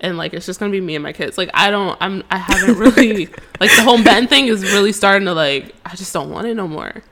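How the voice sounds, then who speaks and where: A woman co-hosting a podcast in casual chat, rambling and halting with many fillers. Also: mid-range voice, a loud crowd. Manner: rambling, halting, frequent "like", laughs between thoughts. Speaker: podcast co-host.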